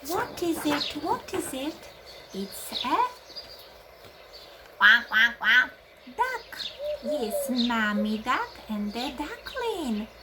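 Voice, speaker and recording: A woman teaching English to young children, speaking in a slow sing-song and imitating animal sounds. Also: fairly high pitch. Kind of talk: children's English lesson with songs. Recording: loud background noise.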